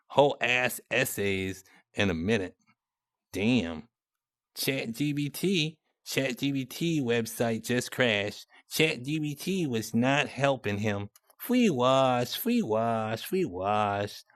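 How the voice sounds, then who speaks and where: Slow-talking sarcastic young man. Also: medium pitch, expressive, dry recording, studio quality. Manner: mocking, sarcastic. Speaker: content creator. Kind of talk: casual commentary on chat messages.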